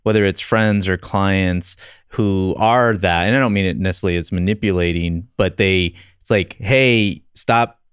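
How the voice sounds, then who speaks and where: A man's voice: low voice, fairly even intonation, moderate pace, clean tone, dry recording, clean studio sound. A man hosting a podcast conversation, telling stories in a casual, self-deprecating way and laughing often. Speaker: podcast host.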